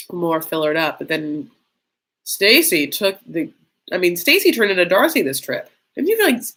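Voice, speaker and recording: A woman's voice: on the low side, fairly bright tone. A woman hosting a casual live reaction stream, chatty and catty, reading viewer comments aloud and filling her talk with "like".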